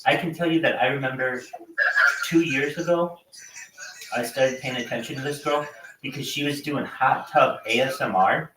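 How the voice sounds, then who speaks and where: A man's voice: medium pitch, normal speed, recorded from a distance. Man, livestream host, rambling and profane, set back from the mic in a roomy space. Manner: loose and profane, lots of fillers. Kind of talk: casual rambling chat. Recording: echoey room, from off-mic, faint background noise.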